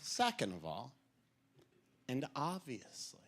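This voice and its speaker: A man's voice: mid-range voice, slow pace, a faint crowd, slight background noise. A young man doing a stand-up comedy routine on a club stage, telling stories and acting out characters. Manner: animated storytelling, acting out characters. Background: audience laughter.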